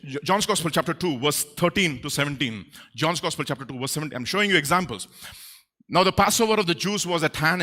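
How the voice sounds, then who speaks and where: Animated pastor with bright voice. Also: male voice, a little high. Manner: animated, acts out quotes in playful voices. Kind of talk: sermon. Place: church.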